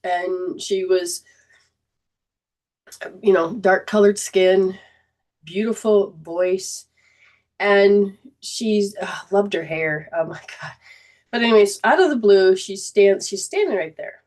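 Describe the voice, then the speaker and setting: A middle-aged woman with a medium-pitched, slightly mellow voice hosts a spiritual healing show, speaking slowly and pausing often. She tells a personal story with deep emotion, choking up and laughing through tears.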